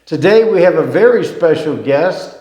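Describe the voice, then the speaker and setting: A man's voice: a little high, animated, moderate pace, warm tone, dull audio. A man hosting a faith podcast, welcoming guests in a friendly, eager way. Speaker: podcast host. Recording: echoey room.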